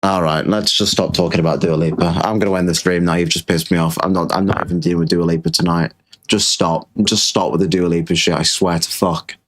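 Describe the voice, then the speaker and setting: A man's voice: low voice, steady tone, brisk. Sarcastic, sweary British man streaming. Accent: British English. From Britain. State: tired. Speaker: livestream host. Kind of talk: casual livestream rant.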